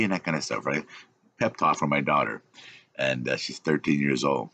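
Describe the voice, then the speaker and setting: Very deep-voiced, husky middle-aged man. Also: moderate pace, sharp tone. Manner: rambling, repeats himself. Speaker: podcast host. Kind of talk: casual monologue podcast.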